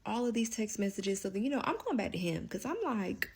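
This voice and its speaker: A woman telling a long personal story in a casual, candid monologue, profane and rambling, filling nearly every pause with "like.". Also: medium pitch, lively intonation, husky. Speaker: storyteller vlogger.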